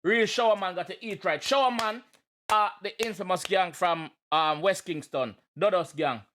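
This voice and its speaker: A man with a Jamaican accent giving casual, animated reaction commentary, exclaiming and explaining lyrics. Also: high voice, moderate pace, faint music behind. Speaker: reaction video host.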